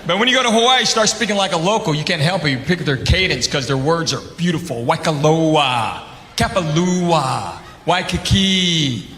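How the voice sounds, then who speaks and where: Drawling Southern stand-up comedian. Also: male voice, fairly high pitch, fast, hardly any pauses, pushed and bright, a little hiss or hum. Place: comedy club stage before a live audience. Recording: roomy live venue with audience laughter.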